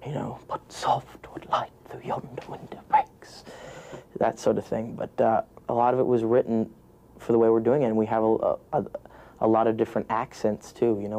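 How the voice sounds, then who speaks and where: A man's voice: lowish voice, level tone, fast talker, gravelly, dark tone. A young American man, an actor, talking through an interview with many restarts and "you know" fillers. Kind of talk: press junket interview.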